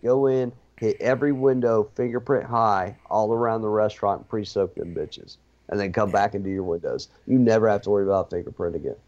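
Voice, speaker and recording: A man's voice: lowish voice, brisk, darkish tone, lo-fi sound. A man who cleans windows, chatting on a podcast and giving direct, practical advice. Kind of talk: casual chat.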